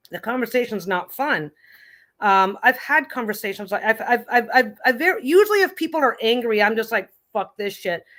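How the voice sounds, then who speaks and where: A woman's voice: a little high, a bit bright. A woman in her fifties, a host, telling stories in a casual chat, blunt and profane, with many restarts. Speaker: podcast host.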